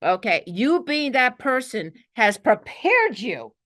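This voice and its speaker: A woman's voice: on the high side, big pitch swings, slow, a bit bright. A woman from New York with a Brooklyn accent, giving an earnest spiritual talk to a group and often checking in with "okay". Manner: earnest, peppers talk with "okay", acts out quotes. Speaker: spiritual teacher.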